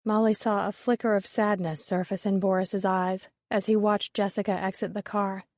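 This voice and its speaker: A woman narrating a mystery novel in a steady, measured reading voice. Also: medium pitch, no room sound. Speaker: audiobook narrator. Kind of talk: scripted narration.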